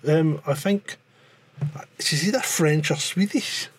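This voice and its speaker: A Scottish man co-hosts a podcast in casual chat, his voice a little high, slow and husky. He rambles, repeats words and keeps restarting his sentences.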